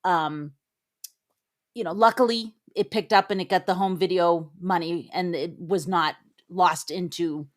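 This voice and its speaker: A woman's voice: fairly low pitch, measured pace. A woman co-hosting a casual movie review podcast, recapping the plot and sharing opinions with frequent fillers. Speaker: podcast co-host.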